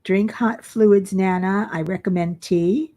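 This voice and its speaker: A woman's voice: medium pitch, fairly even intonation, slow pace, dark tone. A tired woman hosting a casual crafting livestream, chatting and reading viewer comments aloud as she works. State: tired, yawning. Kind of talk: casual live chat with viewers.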